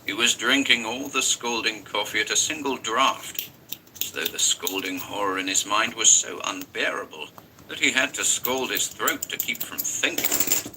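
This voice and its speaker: A man with a fairly low voice reads a horror story aloud in an intense, dramatic way. His narration carries a clear hiss of background noise. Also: animated, normal speed. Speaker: story reader.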